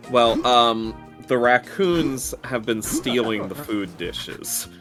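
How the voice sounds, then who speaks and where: A man's voice: mid-range voice, lively intonation, takes it slowly, over music. A man hosting a live game stream, chatting casually and joking around. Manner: playful, jokey. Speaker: streamer host. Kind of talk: casual chat over gameplay.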